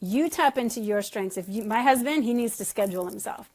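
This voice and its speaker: Chatty woman team leader on a live call, kinda high voice, giggly and rambly. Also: animated, brisk, a little mellow. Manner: chatty, bubbly, self-deprecating, laughs often. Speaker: network marketing team leader.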